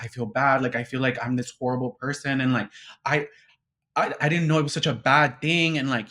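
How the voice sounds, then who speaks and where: A man as an interview guest, telling a story in a casual, animated way, acting out quoted dialogue and swearing freely. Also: mid-range voice.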